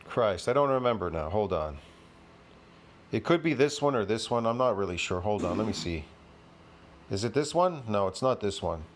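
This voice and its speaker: A man's voice: on the low side, lively intonation, normal speed, long pauses, a little hiss or hum. A man in his fifties giving reaction commentary, rambling and swearing as he argues and lectures, often asking whether you get it. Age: 50s. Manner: profane, rambling and argumentative. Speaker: fitness commentator reacting to a video.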